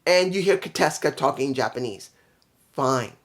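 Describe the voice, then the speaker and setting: A man's voice: medium pitch, expressive, moderate pace, a bit bright. Male reviewer, casual rant, blunt and profane, loses his train of thought with ums. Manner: rambling, profane, blunt opinions; trails off with fillers when forgetting. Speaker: wrestling show reviewer.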